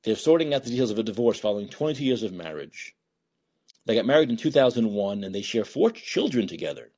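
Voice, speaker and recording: Husky, animated male podcast host. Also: fairly low pitch, fast. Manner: animated and sarcastic, mocking voices of opponents; swearing, thinking out loud. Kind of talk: solo political commentary.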